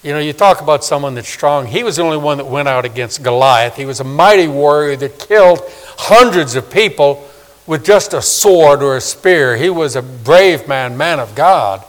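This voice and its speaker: A man in his sixties preaching a sermon, swinging from loud emphasis to hushed, soft asides. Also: a little high, expressive, moderate pace. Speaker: pastor. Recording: long reverb of a large hall.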